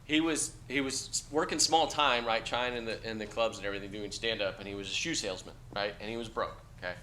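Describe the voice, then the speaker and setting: A man's voice: lowish voice, fast, sharp tone, slight background noise. A middle-aged man giving a casual classroom lecture, talking to students in a blunt, conversational way and tagging lines with "okay?". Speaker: university lecturer.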